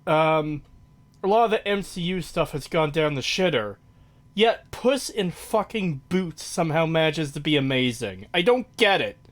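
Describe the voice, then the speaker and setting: A man's voice: fairly high pitch, animated, moderate pace. A young man hosting a casual podcast, swearing freely and ranting in an exasperated way. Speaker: podcast host. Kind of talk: casual chat.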